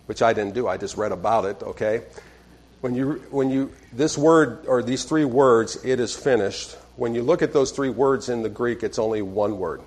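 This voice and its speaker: A man preaching a sermon in a conversational way, dropping to quiet tones on scripture and often checking in with "okay?". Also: mid-range voice. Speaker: pastor.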